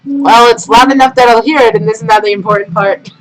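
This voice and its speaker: A man's voice: high voice, fairly even intonation, fairly quick. A man hosting a casual live stream, rambling, humming and muttering to himself as he sets up. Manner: rambling, hums and mutters while setting up. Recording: noisy home stream audio.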